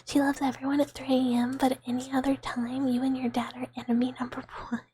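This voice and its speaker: A woman's voice: high-pitched, little pitch movement, quick pace, few pauses, breathy edge. Brief: young woman streamer, close-mic whispered ASMR chat, airy and rambling. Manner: soft whisper, giggly, rambling with fillers.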